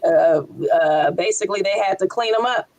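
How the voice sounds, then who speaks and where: A woman in a casual panel discussion, telling stories in a playful, animated way. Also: mid-range voice, normal speed, poor audio.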